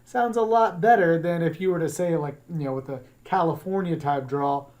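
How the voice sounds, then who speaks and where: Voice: mid-range voice, a little mellow. Chatty drama teacher from the American South. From Southern United States. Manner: chatty, wandering into asides, drops into quick accent demos. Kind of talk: recorded online class lecture.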